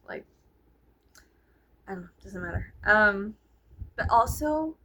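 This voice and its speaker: A woman rambles through a casual vlog in her bedroom, peppering every thought with "like" and quick laughs. Her voice sits at an ordinary middle pitch and comes through the camera's built-in mic. A faint whir of a ceiling fan hums behind her. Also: expressive, vocal fry, pushed and bright, slight background noise, rough recording. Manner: chatty, meandering, heavy use of "like", frequent laughs. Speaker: vlogger. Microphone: camera mic, no clip-on microphone.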